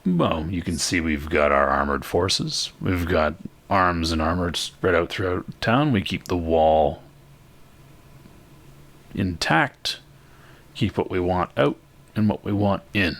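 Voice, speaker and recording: A folksy town sheriff who keeps his words polite but watchful, as a man puts him on. His voice sits very deep and he takes his time. The courtesy has a guarded, faintly threatening edge. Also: expressive, takes it slowly, fairly bright tone, exaggerated voice. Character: wary smooth-talking male town sheriff.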